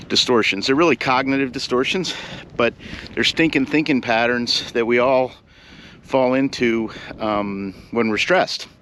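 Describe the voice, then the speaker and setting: A man's voice: medium pitch, a bit bright, slight background noise. A man talking casually to camera outdoors on a mountaintop, out of breath, reflective and rambling with fillers and restarts. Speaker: vlogger, caregiver advocate.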